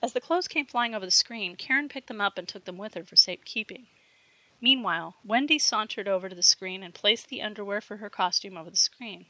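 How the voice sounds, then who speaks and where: A woman reading a fiction audiobook with steady storytelling narration. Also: mid-range voice, fairly quick, no echo, rough recording.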